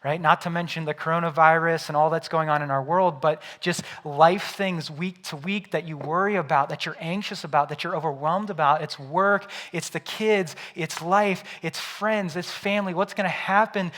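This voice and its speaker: A young man, a pastor, preaching a sermon in a conversational way, often tossing in "right?" and moving between lively storytelling and quiet reflection. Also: on the high side, moderate pace, few pauses. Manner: builds loud through storytelling, drops quiet and soft for reflection.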